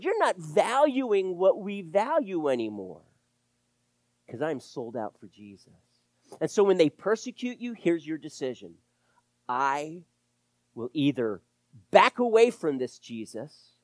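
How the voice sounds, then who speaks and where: A man preaching a sermon to his church, animated, with sharp rises and drops in loudness. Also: on the high side, dry recording. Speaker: pastor.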